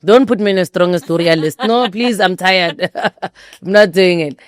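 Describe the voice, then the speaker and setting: A South African woman with a deep, low voice talks in an earnest, reflective way. Her tone is close and dry, like casual podcast chat. She sounds like a guest speaking thoughtfully. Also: moderate pace, dry recording. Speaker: guest, actress and mother. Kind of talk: casual conversation.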